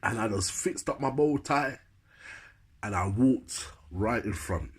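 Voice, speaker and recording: A man's voice: medium pitch, animated, takes it slowly, breathy edge. A man with a Jamaican accent telling a funny story in a chatty way, laughing often and asking "you know what I'm saying". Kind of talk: casual comic storytelling.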